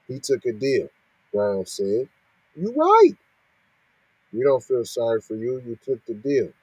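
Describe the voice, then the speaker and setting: A man reads out news and keeps cutting in to scold, firing off rhetorical questions. His voice is dark and husky. It is recorded dry and close. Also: medium pitch, normal speed, dry recording, poor audio. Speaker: podcast host reacting to news. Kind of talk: reading and ranting commentary.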